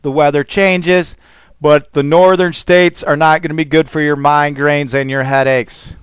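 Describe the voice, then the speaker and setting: A man's voice: fairly high pitch, level tone, measured pace, smooth, no room sound. A man preaching as a pastor, fervent and rambling, with call-and-response exclamations to his listeners. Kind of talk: preaching sermon.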